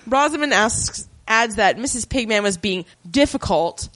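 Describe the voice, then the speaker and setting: A woman's voice: on the high side, animated, moderate pace, a bit bright. A woman co-hosting a podcast, recapping a TV drama in casual, sarcastic chat and swearing freely. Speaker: podcast co-host.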